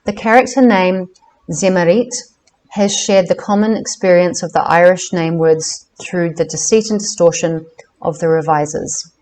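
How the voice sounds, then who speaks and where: Woman, lowish voice, careful book reading, measured delivery. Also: a little mellow, rough recording. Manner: careful, measured reading with self-corrections on names. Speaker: reader of a book.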